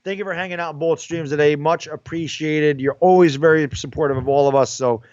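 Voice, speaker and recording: A man co-hosting a live football stream, giving relaxed color commentary and thanking viewers in chat. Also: on the high side, fairly quick, dry recording, muffled recording. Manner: laid-back banter with chat. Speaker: co-host streamer.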